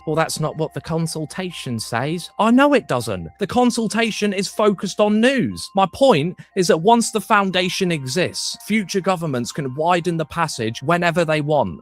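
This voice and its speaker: A man reads out a blunt, scornful commentary script, dropping in swear words now and then. His voice sits a little high. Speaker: video commentator.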